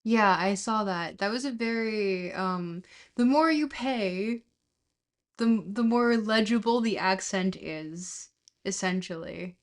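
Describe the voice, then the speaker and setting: Woman streamer just chatting, trails off a lot, laughs at herself, normal mid pitch. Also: slow. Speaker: livestreamer reading a book aloud. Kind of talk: casual livestream chat.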